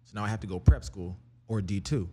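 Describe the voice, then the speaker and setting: A young man tells his story as a guest in a relaxed interview. His voice sits on the low side and the words tumble out quickly. He talks with energy and swears freely. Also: slightly rough. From Canada. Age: young adult. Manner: fast, energetic, profane storytelling. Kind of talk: casual storytelling.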